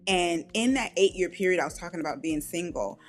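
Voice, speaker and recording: A middle-aged woman, an author and podcast guest, telling candid personal stories in an animated way, acting out quoted voices and laughing often. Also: on the low side, fairly quick, soft background music. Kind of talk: candid conversational storytelling.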